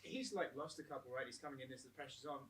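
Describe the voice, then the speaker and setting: A male reporter firing rapid questions, heard off-mic in a reporter scrum. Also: medium pitch, lively intonation, background noise. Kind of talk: asking interview questions.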